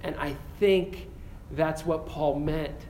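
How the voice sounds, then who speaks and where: A man's voice: on the high side, steady tone, slight background noise. Earnest man preaching in an echoey room. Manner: earnest storytelling with restarts, slowing into quiet prayer. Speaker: campus pastor. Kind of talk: sermon ending in prayer. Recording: echoey room with faint ambience.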